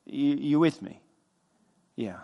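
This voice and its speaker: A man's voice: on the high side, animated, slow, creaky, in a large hall, lo-fi sound. A man preaching a sermon in a conversational way, asking the congregation questions and acting out the voices in his stories.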